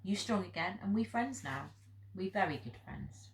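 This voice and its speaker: A woman's voice: medium pitch, lively intonation, moderate pace, vocal fry, slight background noise. A woman reading the part of an old Japanese hermit man who speaks in blunt, clipped broken English, recorded in an echoey room. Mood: stern.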